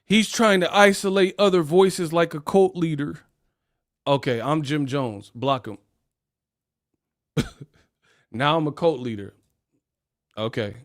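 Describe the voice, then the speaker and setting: A man's voice: on the high side, takes it slowly, pauses often. A man hosting a casual livestream rant, talking in slang and laughing off his critics in a mocking, dismissive way. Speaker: livestream host.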